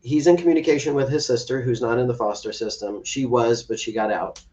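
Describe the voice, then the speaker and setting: Man, podcast guest, earnest storytelling, medium pitch, distant mic, dull sound. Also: fairly even intonation, fairly quick, a little mellow. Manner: earnest, acts out quoted dialogue. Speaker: podcast guest, adoptive father. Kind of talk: emotional storytelling in an interview.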